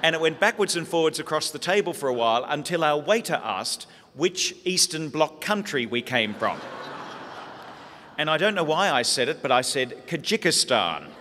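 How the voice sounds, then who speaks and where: An Australian priest telling funny family stories in a lively sermon talk. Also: male voice, fairly high pitch, normal speed, a little hiss or hum. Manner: lively comic storytelling. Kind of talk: humorous sermon storytelling. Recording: echoey hall.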